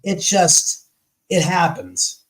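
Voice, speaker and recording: A man as an interview guest, telling stories in a rambling, animated way and often correcting himself mid-sentence. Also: sits high, extremely slow, rough recording. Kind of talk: casual storytelling interview.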